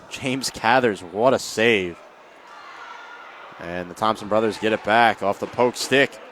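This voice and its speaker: A man giving relaxed color commentary on a lacrosse game, chuckling between analytical remarks. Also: lowish voice, a little slow, slight background noise.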